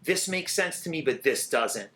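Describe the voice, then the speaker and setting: A middle-aged man, a drummer, talking in a casual interview, animated and swearing freely as he sings out rhythms. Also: a little high, normal speed.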